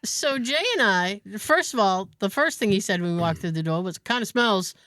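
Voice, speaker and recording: A woman podcast host telling an animated story in casual chat, laughing often. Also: medium pitch, normal speed, no echo, clean studio sound.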